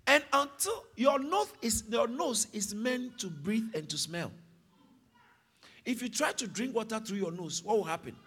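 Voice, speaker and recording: A man preaching a sermon to a congregation, swinging from soft explanation to loud calls for the crowd to read aloud. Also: sits high, expressive, measured pace, breathy edge. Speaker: pastor. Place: church hall with congregation.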